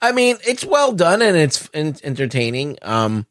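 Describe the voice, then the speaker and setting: A man co-hosting a podcast in casual chat, crude and unimpressed, speaking in a low-key way. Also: big pitch swings, moderate pace, a bit bright, no echo, studio quality. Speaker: podcast co-host.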